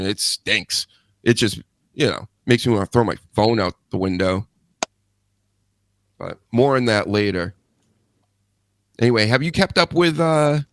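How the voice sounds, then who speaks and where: A man's voice: medium pitch, fairly bright tone, dry recording. Joking, swearing male show host, dry sound. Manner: loose, joking, swears casually. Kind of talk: casual live show chat.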